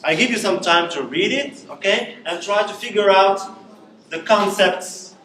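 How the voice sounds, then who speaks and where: A man's voice: high-pitched, a little slow, fairly bright tone. A male university lecturer, giving a classroom lecture, questioning students and saying "okay" often. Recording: echoey classroom.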